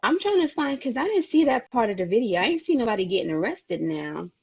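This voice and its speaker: A woman's voice: on the high side, sing-song, fast talker, creaky, breathy edge, muffled recording. A woman co-hosting a podcast in casual chat, blunt and profane with slangy speech. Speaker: podcast co-host.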